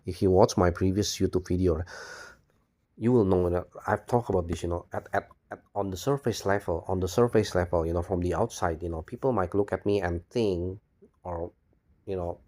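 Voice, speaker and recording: Man, deep voice, rambling vlog monologue, cynical, swears, repeats himself. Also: normal speed, warm tone. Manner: rambling, repeats words, says "you know" constantly, swears; bitter, cynical. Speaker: video blogger.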